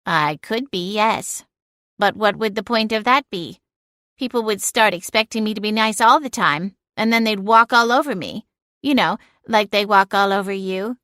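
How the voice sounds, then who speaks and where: A woman's voice: medium pitch, normal speed, bright, forceful tone, no echo, close to an everyday voice. A woman voicing a snarky, sarcastic female cat familiar with a dry, cutting, mocking manner in an audiobook. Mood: snide. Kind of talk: audiobook narration.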